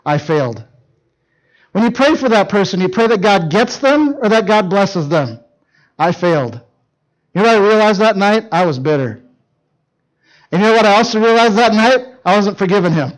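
A middle-aged man from northern Minnesota preaching to teens, telling personal stories in an animated way that swings from hushed to loud. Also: high voice, poor audio. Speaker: youth speaker. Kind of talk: storytelling sermon.

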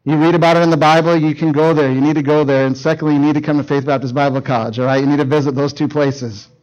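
Animated high-voiced male youth preacher. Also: highs cut off. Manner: animated, jokey, acts out the characters in quick voices. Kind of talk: youth sermon storytelling.

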